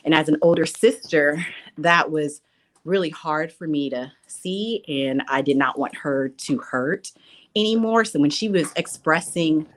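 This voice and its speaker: A young adult woman on a video call, telling a personal story in an earnest, halting way with excited outbursts. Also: low voice. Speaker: guest, older sister.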